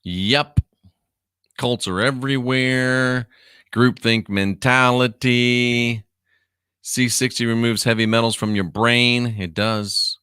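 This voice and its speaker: A man's voice: medium pitch, fairly even intonation, slow, pushed and bright, clean tone, no echo, studio quality. A man who used to be a minister hosting a livestream, drawling sarcastically while he reads viewer comments aloud. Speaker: online show host, former minister. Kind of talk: livestream commentary reading chat.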